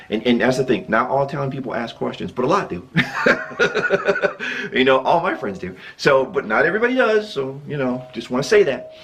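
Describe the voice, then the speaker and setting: A Midwestern American man hosts his own YouTube channel, rambling through a casual storytime tale that he keeps interrupting and breaking into laughter. His medium-pitched voice swings widely in pitch at a normal speed and sounds a bit bright. There is slight background noise.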